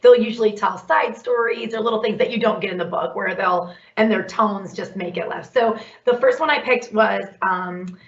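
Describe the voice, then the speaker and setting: A woman's voice: medium pitch, a bit bright, far from the mic, highs cut off. A woman librarian chatting enthusiastically about books she recommends. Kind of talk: book recommendation.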